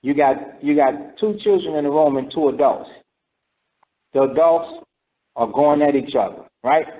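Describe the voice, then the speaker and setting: A man with a voice on the high side teaches scripture in a sermon at a measured pace. Leading the study, he repeats himself and keeps checking in with "right?" and "okay?" The lo-fi recording sounds dull.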